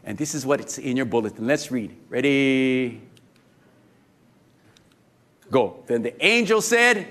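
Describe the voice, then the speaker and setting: A man preaching a sermon to a congregation, lively and joking, often asking the crowd questions. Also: mid-range voice, normal speed, hardly any pauses. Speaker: pastor.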